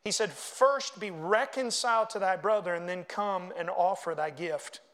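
A man preaching a sermon, reading scripture aloud and making animated asides to the congregation. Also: high voice, moderate pace. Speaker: pastor.

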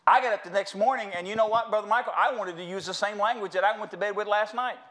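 A middle-aged American pastor gives a humorous sermon in a church sanctuary, telling folksy stories and addressing the congregation as y'all. His voice is high-pitched, a bit bright, and quick.

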